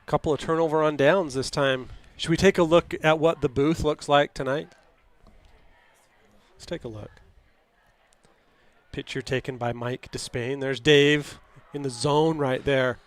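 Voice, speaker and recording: A man doing play-by-play for a high school football game, chatty and quick to laugh. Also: steady tone, no room sound. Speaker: play-by-play announcer.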